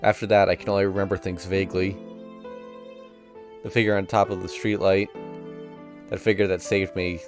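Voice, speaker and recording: A man's voice: low voice, level tone, moderate pace, long pauses, music in the background. A man reading a visual novel aloud on stream, narrating casually in the first person. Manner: casual first-person narration that voices sound effects playfully.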